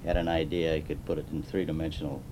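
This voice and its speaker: A man in his seventies from Chicago, telling his life story slowly with many fillers in an oral history interview. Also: level tone. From Chicago, USA. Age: 70s. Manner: unhurried, rambling with fillers. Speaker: interviewee, retired car designer. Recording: noisy 1980s tape with rumble.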